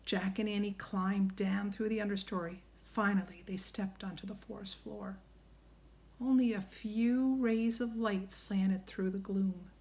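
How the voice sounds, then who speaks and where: A woman reading a children's storybook aloud, hushed in quiet passages. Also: medium pitch, fairly even intonation, unhurried. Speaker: audiobook narrator.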